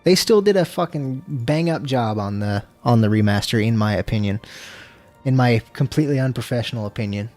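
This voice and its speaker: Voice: mid-range voice, expressive, brisk, darkish tone. A laid-back gaming streamer chatting to viewers, with a voice that swings up and down a lot. They curse freely and flare up when something frustrates them. Faint music plays underneath. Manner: swears freely, frustrated outbursts; laid-back, talks to chat. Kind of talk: casual gameplay livestream chat.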